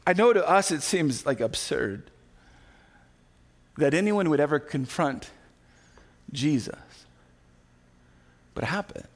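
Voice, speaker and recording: A male pastor preaching a sermon, animated and conversational, acting out quoted voices with quick asides. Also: on the high side. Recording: recorded sermon audio.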